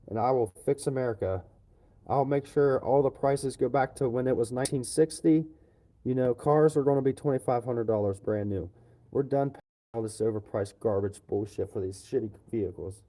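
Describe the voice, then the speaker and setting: Dark-voiced man ranting on a livestream. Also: medium pitch. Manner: profane, loud ranting. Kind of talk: livestream rant.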